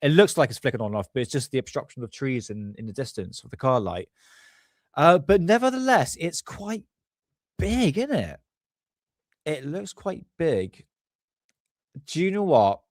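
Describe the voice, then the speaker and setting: Chatty streamer, stuffy nose, mid voice, dry close sound. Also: male voice, fairly high pitch, sing-song, moderate pace, long pauses, no echo. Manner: rambling, chatty, self-correcting. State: congested, stuffy sinuses. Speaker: livestream host. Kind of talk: casual livestream commentary.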